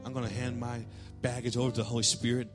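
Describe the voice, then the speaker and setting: A male pastor preaching a sermon in church, telling a lively story and calling out cheers in a raised voice. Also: medium pitch, fast talker, over loud music. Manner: animated storytelling, shouting quoted cheers.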